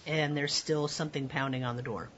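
A man narrating as game master for a tabletop game, quick and chatty. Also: fairly high pitch, steady tone, fairly bright tone. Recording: dull lo-fi recording with faint hiss.

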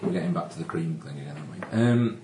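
A man's voice: extremely low pitch, lively intonation, fast, mellow. A man narrating a tabletop game as game master for friends, jokey and rambling, laughing often. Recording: echoey room with background noise.

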